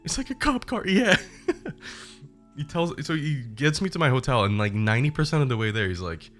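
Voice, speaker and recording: A young man streamer casually retelling a bad trip, animated and profane. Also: a little high, brisk, soft background music. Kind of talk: casual storytelling.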